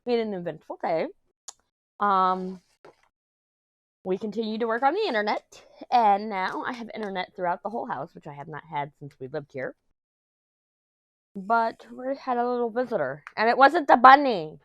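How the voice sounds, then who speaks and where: A woman's voice: mid-range voice, lively intonation, moderate pace, pauses often, fairly bright tone, no echo, dull audio. A woman vlogging from her home office, talking in a rambling, chatty way while getting over an illness that has left her throat sore. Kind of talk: casual chat.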